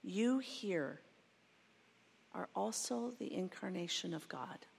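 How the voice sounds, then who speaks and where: A woman preaching a sermon in a slow, reflective way, reading a passage and then going over it again. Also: fairly low pitch, expressive, creaky, slightly rough. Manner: slow, reflective, reads a quoted passage twice. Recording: long reverb of a large hall.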